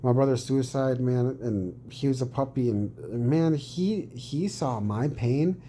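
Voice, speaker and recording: A man with a mellow, dark voice rambles through casual commentary on his own clip. He swears freely and slips into mock-preachy explanations, over a faint background noise. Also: mid-range voice, a little slow.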